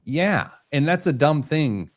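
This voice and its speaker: A man with a slightly high voice and lively intonation speaks slowly while hosting a casual podcast. He jokes at his own expense and keeps stumbling over his words.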